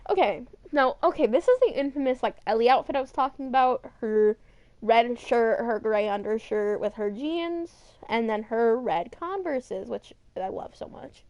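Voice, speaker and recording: A woman's voice: fairly high pitch, moderate pace, a little mellow, no echo, muffled recording. A young woman streaming, chatting casually and rambling as she looks through game models, with some swearing. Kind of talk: casual chat over a model viewer.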